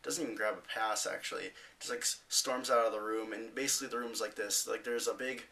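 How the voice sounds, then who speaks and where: A teenage boy vlogging, casually telling a story with rambling fillers and animated retellings. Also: fairly low pitch, fairly quick, creaky, distant mic, poor audio.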